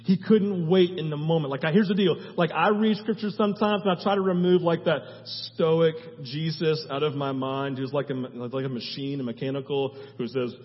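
A man's voice: a little high, normal speed, few pauses. A male pastor preaching a sermon in a passionate, conversational way, asking his listeners question after question. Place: church sanctuary. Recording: reverberant hall, slightly dull sound.

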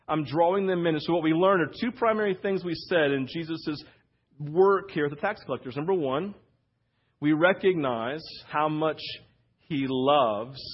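A man's voice: on the high side, husky, dull audio. A man preaching a sermon as pastor in a conversational way, often checking in with the congregation. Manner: conversational preaching, frequent "right?" asides. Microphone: wireless church mic.

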